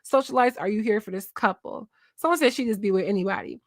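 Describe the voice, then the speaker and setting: A woman's voice: mid-range voice, fast talker, no room sound. Young woman host, casual gossip stream, chatty, dry close sound. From Philadelphia, USA. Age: 20s. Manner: chatty, talks to chat, trails off and searches aloud. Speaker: livestream host.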